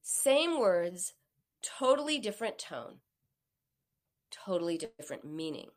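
A woman's voice: fairly low pitch, big pitch swings, measured pace. A woman giving a coaching talk to an audience, acting out the quoted voices. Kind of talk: motivational talk on binge eating.

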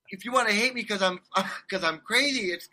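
High-pitched and lively, this guest is a man in his 60s from California. He spins meandering stories in a relaxed interview, often restarting his sentences.

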